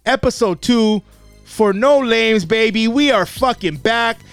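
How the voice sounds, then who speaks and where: A man's voice: very high voice, unhurried, faint music behind. A man hosting a podcast and telling a profane, comedic story, swearing constantly and acting out the quotes as he goes. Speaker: podcast host and youth football coach. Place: podcast studio.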